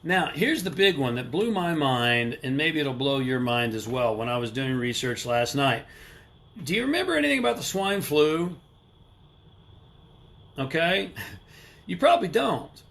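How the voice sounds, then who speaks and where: A man's voice: fairly high pitch, expressive, unhurried, vocal fry, pauses often, a bit bright. A middle-aged man hosting a motivational livestream, talking emphatically, asking rhetorical questions and greeting viewers by name. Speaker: livestream host. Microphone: live stream camera mic.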